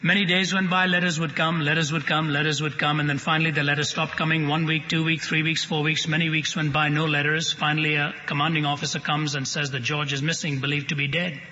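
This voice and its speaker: Bright, forceful preacher in a big hall. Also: male voice, on the high side, level tone, fast talker, few pauses. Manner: humorous, dramatic storyteller. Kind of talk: sermon storytelling. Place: large hall with audience. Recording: dull broadcast with long hall reverb.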